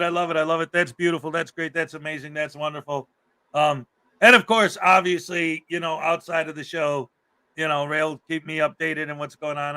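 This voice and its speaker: A man's voice: a little high, pushed and bright, clear, resonant tone. A man hosting a livestream in casual chat, upbeat and repeating words for emphasis. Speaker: livestream host.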